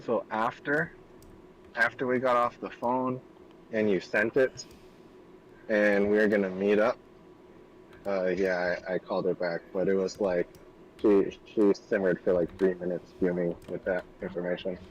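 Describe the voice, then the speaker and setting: A man's voice: sits low, flat delivery, unhurried, highs cut off, slight background noise. A man in his thirties, a streamer chatting casually over gameplay and telling a rambling story with frequent laughs.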